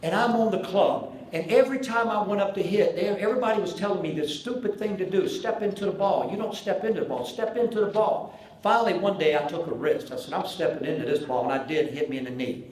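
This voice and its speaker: A man's voice: high voice, fast, darkish tone. A man in his sixties with a Southern US accent, telling a humorous story at a banquet and acting out the dialogue. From American South. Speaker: banquet speaker, former pitcher. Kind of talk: humorous after-dinner storytelling. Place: large banquet hall. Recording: very echoey banquet hall.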